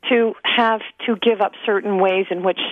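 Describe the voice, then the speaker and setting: A woman's voice: medium pitch, fairly even intonation, normal speed, dry recording, phone-quality sound. A woman talking as an author guest in a radio interview, earnest and conversational.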